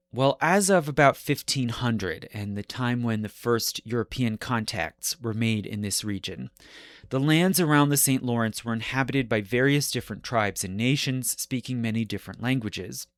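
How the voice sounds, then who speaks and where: In a measured, lecture-like style, a man hosting a history podcast explains the geography and corrects himself along the way. His voice sits in the mid range, and there's no echo.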